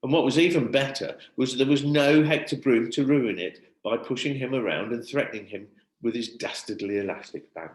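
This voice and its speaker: A male primary school teacher reading a children's book aloud in an expressive storytelling manner. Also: mid-range voice, normal speed, hardly any pauses. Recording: roomy echo.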